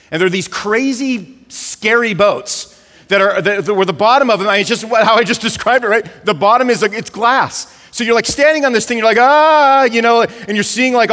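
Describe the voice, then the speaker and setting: A male pastor, giving a conversational, animated sermon and leaning on filler words. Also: high-pitched, long reverb tail.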